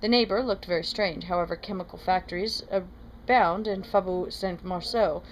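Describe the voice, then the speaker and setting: A woman reading a classic novel aloud in a steady, plain manner, now and then correcting a word. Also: on the low side, normal speed, slight background noise, poor audio. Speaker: reader.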